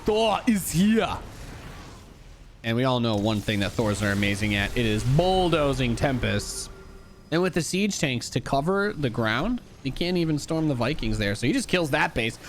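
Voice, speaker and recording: A man's voice: medium pitch, animated, moderate pace, slight background noise. A young man giving casual, joking commentary on an esports replay as a streamer. He swings between hype and dry asides. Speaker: streamer and caster.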